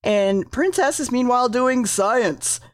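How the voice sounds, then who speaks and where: A woman's voice: fairly high pitch, expressive, unhurried, dry recording, clean studio sound. A woman casually recapping a TV episode, rambling, swearing freely and correcting herself as she goes.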